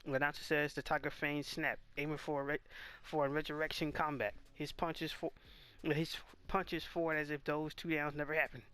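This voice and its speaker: A man's voice: fairly high pitch, little pitch movement, moderate pace, sharp tone, smooth. Stammering man narrating anime fight. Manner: stammering, restarting, reading subtitles aloud. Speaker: video host reacting to a boxing anime. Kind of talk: casual narrated watch-along.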